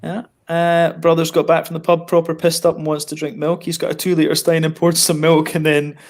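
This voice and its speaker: This man is a stream host talking casually from home. He reads viewer comments aloud and bantering with mates. His swearing comes naturally, in a slightly higher voice. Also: monotone, fairly quick. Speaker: livestream host. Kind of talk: casual chat. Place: home, living in Sweden.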